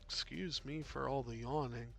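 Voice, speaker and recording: A tired man commentating a tabletop game on his stream, talking in a relaxed, rambling way with frequent fillers. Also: medium pitch, moderate pace, creaky, faint music behind.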